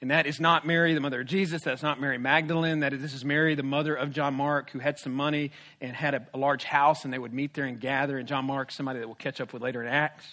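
A male pastor preaching a sermon, animated, with swings from hushed to loud. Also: mid-range voice, fast talker, hardly any pauses.

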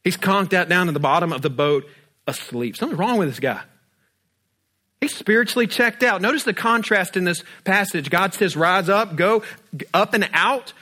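Preaching man with a higher voice. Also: expressive, normal speed, sharp tone. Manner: rhetorical questions, humorous everyday asides. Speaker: pastor. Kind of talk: sermon.

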